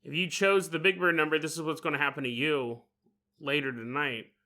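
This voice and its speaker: A man's voice: a little high, steady tone, brisk, sharp tone. A man hosting a podcast, telling a comedic horror story in a playful way, laughing often and acting out voices. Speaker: podcast host.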